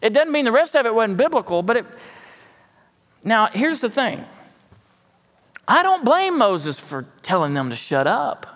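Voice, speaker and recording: A man's voice: very high voice, big pitch swings, unhurried, pauses often, fairly bright tone, in a large hall. A man preaching a sermon in a folksy, conversational way with joking asides. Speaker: pastor. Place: church sanctuary.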